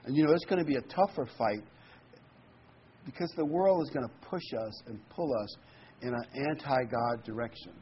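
A man preaching a sermon, talking conversationally and slowing down to read scripture with emphasis. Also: mid-range voice. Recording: dull lo-fi recording with faint noise.

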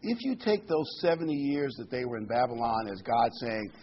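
A man's voice: mid-range voice, sing-song, fairly quick, few pauses, breathy edge. A man preaching a sermon in a conversational way, leading the congregation to repeat words after him. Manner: conversational, leads the congregation in call-and-response. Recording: dull lo-fi recording with faint hiss.

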